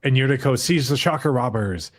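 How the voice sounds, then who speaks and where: A man co-hosting a podcast, casually recapping an episode, acting out lines in quick mock voices and swearing freely. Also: mid-range voice. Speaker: podcast co-host.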